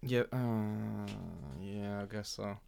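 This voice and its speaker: A man's voice: lowish voice, flat delivery, slow pace, gravelly, a little mellow, slight background noise. A young man with an English accent co-hosting a podcast, laid-back and full of slang. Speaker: podcast co-host. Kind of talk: casual podcast banter.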